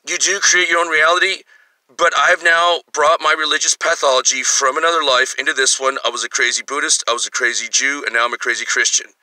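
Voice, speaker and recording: A man's voice: fairly high pitch, fairly even intonation, fairly quick, pushed and bright, dry recording, low-quality recording. A man in his fifties delivering an angry, profane, rambling monologue. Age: 50s. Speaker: vlogger. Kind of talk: ranting monologue.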